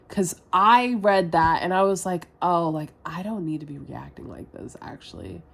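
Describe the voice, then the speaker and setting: A woman's voice: fairly low pitch, lively intonation, moderate pace, gravelly, few pauses. Rambling young woman venting to camera. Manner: rambling, self-deprecating, heavy filler words and swearing. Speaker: vlogger. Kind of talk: rambling confessional vlog.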